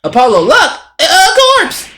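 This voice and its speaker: A man voicing a bubbly teenage girl magician's assistant in a squeaky high falsetto. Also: huge pitch swings, brisk, heavy background noise, exaggerated voice. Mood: alarmed.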